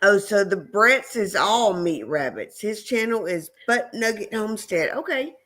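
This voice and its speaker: Slow-talking woman hosting a livestream. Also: mid-range voice, animated, fairly bright tone. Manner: slow, easygoing, many fillers. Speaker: homestead channel co-host. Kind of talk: casual livestream chat.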